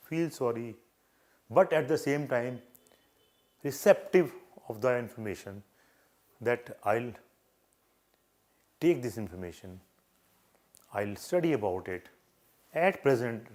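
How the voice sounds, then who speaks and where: In a live session, an older man with an Indian English accent coaches people on interviews, earnestly repeating his points and performing short exchanges. He speaks unhurriedly, with long pauses, in an expressive, medium-pitched, slightly mellow voice.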